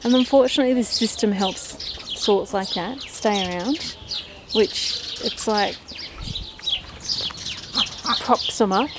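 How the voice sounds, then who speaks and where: A woman's voice: mid-range voice, slow, pauses often, very noisy. A woman chatting casually to camera about her poultry in a backyard, talking to her birds as she goes. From Australia. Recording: outdoor recording with loud birdsong.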